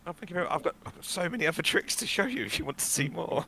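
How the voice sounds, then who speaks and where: A man's voice: a little high, expressive, rapid-fire, gravelly, sharp tone, slight background noise, pitched above the performer's own voice, exaggerated voice. A man voicing a cheerful young male stage magician who talks eagerly and chattily.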